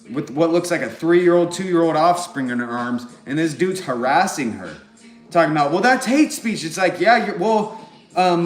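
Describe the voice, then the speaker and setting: A man from California with a Californian accent, talking in a rambling, profane monologue that keeps circling back on filler phrases. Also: fairly high pitch. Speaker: vlogger. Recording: roomy echo.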